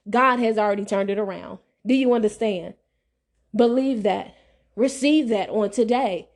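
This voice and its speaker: A woman's voice: mid-range voice, normal speed. A middle-aged woman hosting a faith podcast, exhorting listeners in a repetitive, preachy call-and-response style. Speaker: podcast host. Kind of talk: faith-based motivational monologue.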